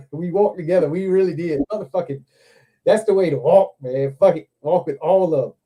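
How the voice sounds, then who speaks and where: A man's voice: fairly high pitch, fairly quick, slightly rough. A man telling a long, profane story in casual chat, acting out what he said. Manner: profane, animated storyteller, acts out quotes. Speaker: show host. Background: other men on a livestream hangout.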